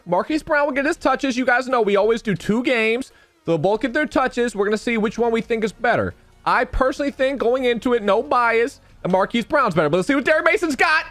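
Young male gamer commentator, high voice with wild pitch swings, cracking and strained, dry close mic. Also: dry recording. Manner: excitable, talks to viewers, repeats phrases. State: voice cracking, losing his voice. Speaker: gaming YouTuber. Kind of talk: live gameplay commentary.

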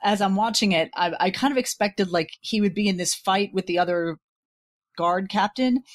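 A woman's voice: medium pitch, normal speed, dry recording, studio quality. A woman chatting on a podcast about a movie, friendly and agreeable. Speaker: podcast guest. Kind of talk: casual movie discussion.

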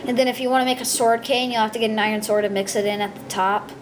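Goofy, rambling, high-voiced woman gamer. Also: steady tone, fast, noisy background. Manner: rambling and goofy, many ums and uhs. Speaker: gameplay video maker. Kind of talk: casual gameplay commentary.

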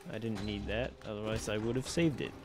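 A man giving casual gameplay commentary into his desk mic, chatty and quick to exclaim, talking back to the enemies on screen. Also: fairly low pitch. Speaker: let's play gamer. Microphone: personal desk mic.

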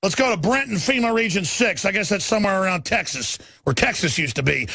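A man hosting a talk radio show in a furious political rant, shouting, scornful and hammering his points again and again. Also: sits high, animated, brisk, gravelly, hardly any pauses, husky, no room sound. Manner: repetitive hammering delivery.

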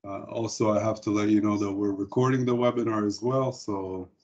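Halting man presenting a webinar. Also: on the low side, level tone, a little mellow. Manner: halting, frequent hesitations. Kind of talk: corporate product webinar. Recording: dull lo-fi webinar audio.

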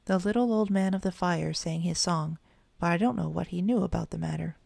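Low gravelly woman reading a children's story. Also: fairly quick, a little mellow, no room sound. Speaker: audiobook narrator. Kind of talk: children's story read aloud.

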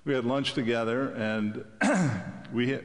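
A man's voice: medium pitch, slow. An older man giving a folksy public lecture as an economics professor, joking and loose with fillers, heard with long lecture-hall reverb.

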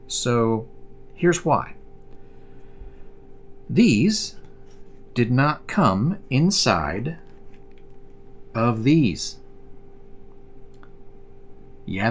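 A man talks through his collectible cards in a relaxed explainer video. He rambles a bit, with fillers and restarts. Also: mid-range voice. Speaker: card collector host.

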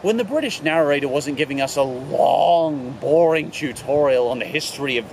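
A man hosting a comedic cartoon review with a sarcastic, animated delivery. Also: a little high, moderate pace, gravelly, slight background noise. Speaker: host.

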